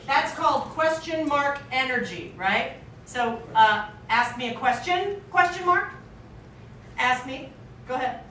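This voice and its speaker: A woman teaches an acting class with brisk energy, peppering her students with questions. Her voice is bright and slightly high. She is caught from across an echoey classroom. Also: a little hiss or hum. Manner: energetic, quizzing students with frequent "right?". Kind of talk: classroom instruction. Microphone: far camera. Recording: echoey room from far off.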